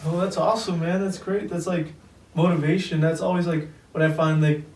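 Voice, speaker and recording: A man's voice: on the high side, flat delivery, brisk, a little mellow. A man in a casual podcast chat who gives encouraging remarks and short agreements. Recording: roomy, distant mic, noisy.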